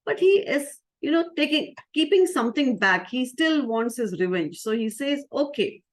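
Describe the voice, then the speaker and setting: A woman spiritual teacher tells a story to a group of children. Her voice is fairly high, and she keeps it lively by asking the kids questions as she goes. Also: moderate pace. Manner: lively, asks the audience questions.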